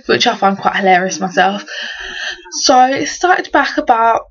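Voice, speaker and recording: A woman's voice: fairly high pitch, lively intonation, unhurried. A teenage girl from England, telling stories in an exasperated, slangy rant for a vlog. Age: teens. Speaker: vlogger. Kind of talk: casual ranting story. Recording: dull lo-fi webcam audio.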